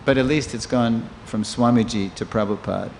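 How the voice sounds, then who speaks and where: A man's voice: medium pitch, moderate pace, gravelly. Older man teaching a scripture class in a hall. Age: 60s. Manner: lively storyteller who acts out quoted speakers. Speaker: lecturer giving a scripture class. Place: temple hall. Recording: long reverb of a hall, faint noise.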